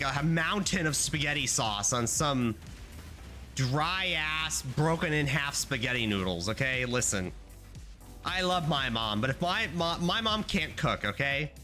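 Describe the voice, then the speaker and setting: A man's voice: on the high side, pushed and bright. A young man streaming a video game, chatting casually to his audience in playful, rambling rants with lots of swearing. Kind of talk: casual gaming livestream chat.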